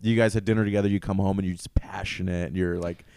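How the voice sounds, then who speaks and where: A man's voice: deep voice, fairly even intonation, quick pace, creaky, a little mellow, clean tone. A young adult man in casual podcast chat, telling stories candidly and at length with many fillers.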